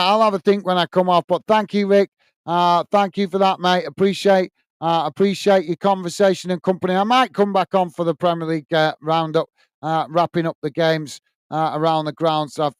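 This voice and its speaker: A man's voice: fairly high pitch, clean tone, no echo, clean studio sound. A man from the UK hosting a casual livestream, reading out viewer comments and giving friendly sign-offs with lots of fillers. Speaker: livestream host.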